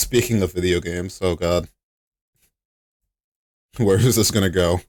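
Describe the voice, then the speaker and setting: A man's voice: low voice, fairly even intonation, measured pace, darkish tone, no echo. A young man chatting on a live stream, a little sick and coughing now and then, laughing, swearing and playing up outrage at his chat.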